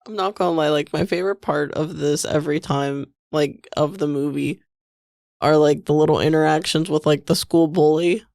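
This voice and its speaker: A woman's voice: low-pitched, steady tone, normal speed, vocal fry, darkish tone, dry recording, studio quality. A woman co-hosting a podcast, chatting about a film in a loose, profane, nostalgic way. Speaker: podcast co-host. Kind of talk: casual movie-review chat.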